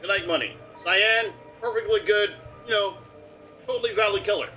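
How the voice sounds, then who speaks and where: A man's voice: sits high, moderate pace, pushed and bright, soft background music. A man streaming a game live, rambling and joking as he talks through the on-screen prompts. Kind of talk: casual live game commentary.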